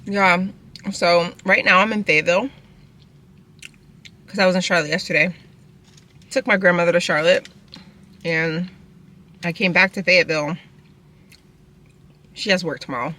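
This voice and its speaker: A woman's voice: lowish voice, steady tone, normal speed, pauses often, sharp tone. A young woman, chatting casually in a car while eating, rambling and talking with her mouth full. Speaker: vlogger. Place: inside a parked car.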